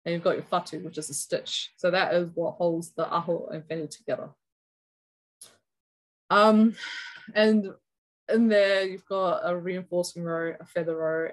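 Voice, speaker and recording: Woman presenter, fairly low voice, patient explanatory delivery. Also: poor audio. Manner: explanatory, walks through a cloak sample step by step. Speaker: educator presenter. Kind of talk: conference presentation.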